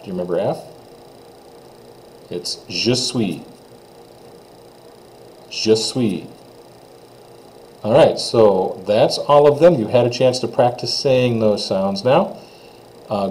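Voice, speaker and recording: Mellow low-voiced male French teacher. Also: slight background noise, rough recording. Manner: models phrases slowly for students to repeat; plain, encouraging explanations. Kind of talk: classroom pronunciation lesson.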